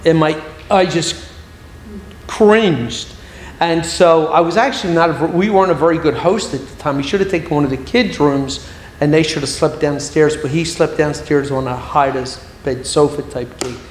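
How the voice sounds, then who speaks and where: A middle-aged man, an evangelist, telling a story in a sermon with lively humorous asides, recorded in a church hall. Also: on the high side, moderate pace, slight background noise. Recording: very echoey hall, faint ambience.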